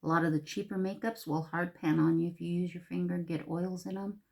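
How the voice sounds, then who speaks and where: Brief: woman vlogger, lower-pitched, chatty makeup talk with whispered asides. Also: fairly even intonation, a little fast, gravelly, darkish tone. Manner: chatty, drops into whispers, repeats words. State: a little out of breath. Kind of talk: casual makeup tutorial chat.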